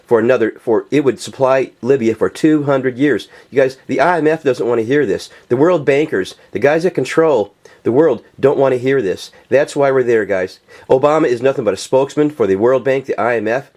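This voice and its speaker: A man's voice: mid-range voice, brisk, darkish tone. A man ranting in a casual, profane monologue, full of fillers and restarts, addressing viewers directly. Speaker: political video commentator.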